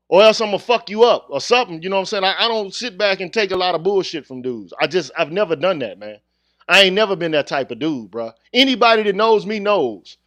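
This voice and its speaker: A man's voice: high-pitched, animated, brisk, fairly bright tone, dry recording. A man hosting his own channel, ranting bluntly in street slang, heated and confrontational in a casual monologue to viewers. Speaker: channel host.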